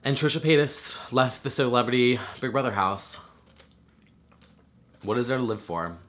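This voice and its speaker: A man's voice: medium pitch, moderate pace, a bit bright. A man talking casually to camera in a chatty reaction rant, swearing freely with lots of fillers. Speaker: vlogger.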